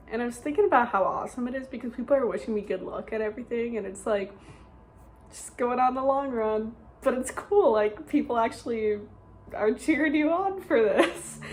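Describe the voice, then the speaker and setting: Young woman, casual vlogger, slightly high, joking and self-mocking, faint noise behind. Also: darkish tone. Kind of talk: casual vlog chat.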